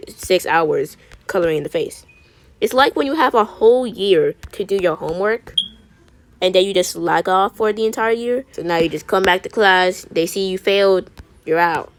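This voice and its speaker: A woman video creator chatting while she colors. She talks in a sassy, rambling way and often stumbles and restarts her words. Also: lowish voice.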